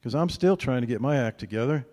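Pastor guy preaching, chatty, keeps saying right?, mid pitch, long reverb like a big church hall. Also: lively intonation, fast talker, darkish tone. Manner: conversational preaching, often asks "right?". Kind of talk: sermon.

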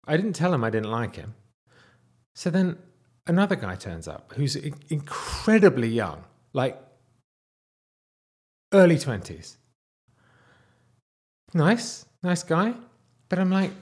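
A man in his thirties casually telling a personal story, animated, sometimes dropping to a whisper. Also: slow pace, long pauses, breathy edge. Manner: animated, wide swings in pitch and loudness, drops to whispers.

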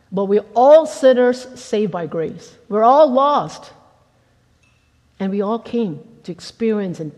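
A woman pastor preaching a conversational, animated sermon and acting out the people in her stories. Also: on the high side, big-room sound. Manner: conversational, animated, acts out quotes.

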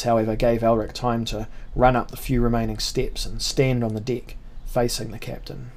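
A man narrating a fantasy battle story in a steady, dramatic reading. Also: mid-range voice. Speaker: audiobook narrator.

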